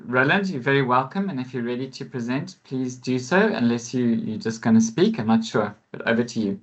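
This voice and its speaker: A man hosting an online webinar, introducing speakers in a measured, hesitant way over a video call. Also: medium pitch, dull audio. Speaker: webinar host, facilitator.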